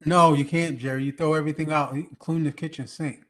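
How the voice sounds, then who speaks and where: A man's voice: fairly high pitch, quick pace. A man hosting an open mic over a video call, joking and telling stories in casual chat. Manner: joking, animated storyteller.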